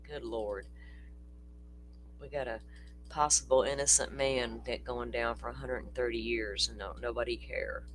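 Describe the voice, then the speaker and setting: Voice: medium pitch, fairly even intonation, moderate pace, a little hiss or hum. A livestream host, chatting casually and rambling through a true-crime stream, laughing often and swearing freely, sounding tired. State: tired, yawning.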